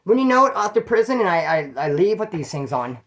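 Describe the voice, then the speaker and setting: Brief: male storyteller, quick delivery, slangy and swearing, loose and rambling. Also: sits high, big pitch swings, fairly bright tone. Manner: rambling, profane, streetwise slang. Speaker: channel host telling prison stories. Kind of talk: casual first-person storytelling.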